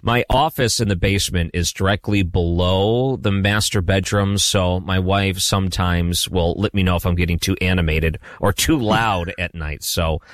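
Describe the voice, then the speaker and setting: Low-voiced male radio host, chatty and friendly, close dry studio mic. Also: moderate pace, few pauses, no echo. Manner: friendly, chatty, laughs often. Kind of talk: late-night talk radio interview.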